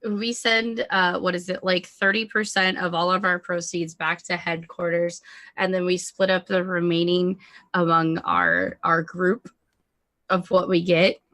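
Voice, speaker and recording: A chatty woman playing a tabletop game, often breaking into giggles. Her voice is bright and crisp. The sound is close and dry. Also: fairly low pitch, little pitch movement, a little slow, dry recording. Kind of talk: casual tabletop game chat. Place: streaming studio.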